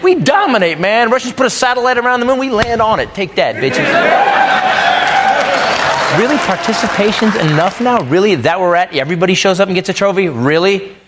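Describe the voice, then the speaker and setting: A man performs stand-up in a club, ranting and shouting his punchlines. His voice sits high and swings widely in pitch. Loud audience laughter and heavy room noise sit under every line. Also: expressive, fairly quick. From United States. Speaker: stand-up comedian. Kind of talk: stand-up comedy set. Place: comedy club stage. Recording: live club recording, loud crowd laughter.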